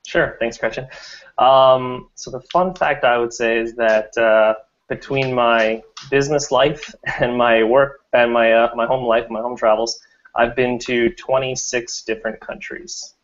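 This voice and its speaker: A man speaks as a panelist in an online business webinar. He is easygoing and pauses with fillers. His audio is muffled and sounds a little distant. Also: medium pitch, fairly even intonation. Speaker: panelist, innovation manager. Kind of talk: casual webinar chat.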